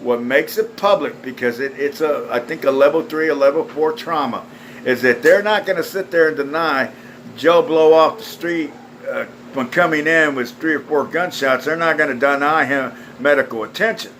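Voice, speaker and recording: A man's voice: on the high side, normal speed, a bit bright, a little hiss or hum, poor audio. A man delivering a blunt, foul-mouthed, scornful rant straight to camera. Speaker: video ranter. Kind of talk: angry profane rant.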